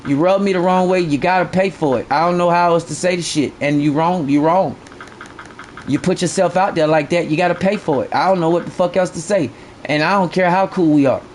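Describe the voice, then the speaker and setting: A man's voice: a little high, a little fast, slight background noise. A man streaming a fishing game live, ranting bluntly and profanely to his chat and repeating his points.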